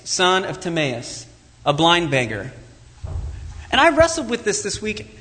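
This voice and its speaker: Animated husky male preacher. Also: sits high. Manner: dramatic, swings from soft whispers to cries. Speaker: pastor. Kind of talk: sermon.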